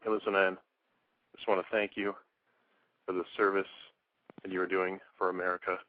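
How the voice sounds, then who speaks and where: A man calling in to a radio show, talking in a hesitant, halting way. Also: deep voice, flat delivery, phone-quality sound. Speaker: caller. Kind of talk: call-in talk radio.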